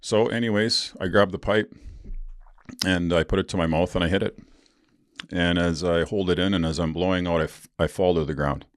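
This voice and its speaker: A man's voice: deep voice, fairly even intonation, normal speed, dry recording, clean studio sound. A man, a podcast host telling a personal story in a blunt, profane way with rueful laughs.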